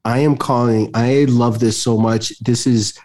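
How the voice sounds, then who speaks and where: A man's voice: mid-range voice, fairly even intonation, measured pace, darkish tone. A man cracking jokes and teasing his friends in a casual chat about a video. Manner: wisecracking, teasing.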